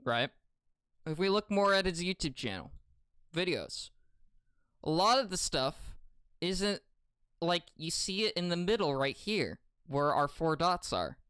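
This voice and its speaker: A streamer giving casual advice on a livestream, rambling and halting, with many restarts and fillers. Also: medium pitch, animated, a bit bright, clear, resonant tone.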